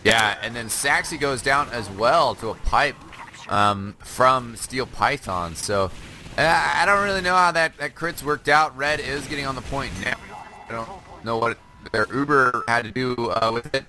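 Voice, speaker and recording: A man with a bright, forceful mid-range voice breaks down the plays of a live online match. He talks in a loose, filler-heavy way and laughs easily, heard through a headset with a faint hiss behind him. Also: medium pitch, unhurried. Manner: analytical, chatty, laughs often, filler-heavy. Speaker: esports co-caster. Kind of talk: live color commentary.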